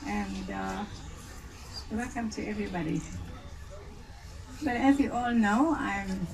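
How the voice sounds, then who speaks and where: A woman with a South African accent gives an informal, hesitant speech to her family at a reunion, pausing often on fillers. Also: medium pitch, gravelly. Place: outdoor family gathering. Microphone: phone recording from a distance. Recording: distant phone recording with background noise.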